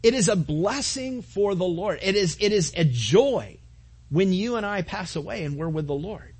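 A man's voice: high voice, lively intonation, normal speed, a little mellow, slightly rough. A man preaching a sermon to his congregation, earnest, with repetitions and asides to the listeners. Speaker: pastor.

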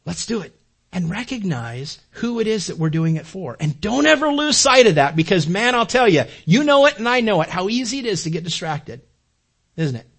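Older pastor, high and husky, casual sermon style with restarts. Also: male voice, big pitch swings, fairly quick, fairly bright tone. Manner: conversational, repeats words while building a point.

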